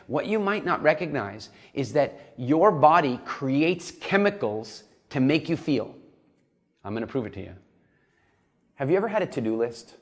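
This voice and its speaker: A man coaching a nutrition program in a recorded lesson, talking animatedly and acting out little inner voices. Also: medium pitch.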